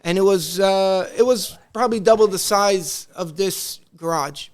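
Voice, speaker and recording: A man's voice: high-pitched, unhurried, smooth. A man telling a family story in casual podcast talk, acting out the voices of his relatives. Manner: animated, acts out family dialogue. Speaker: podcast guest.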